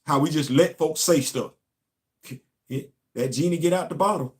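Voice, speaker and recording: A man's voice: fairly high pitch, moderate pace. A man, a show host and former Marine, telling a long casual story and asking his listeners rhetorical questions.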